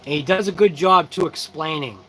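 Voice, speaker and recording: Tired male host, high-pitched, easygoing live-chat delivery, faint background noise. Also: fairly quick, a bit bright, poor audio. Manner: tired, yawning, laid-back and chatty. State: sleepy. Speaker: RC channel host. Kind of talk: casual live-stream chat.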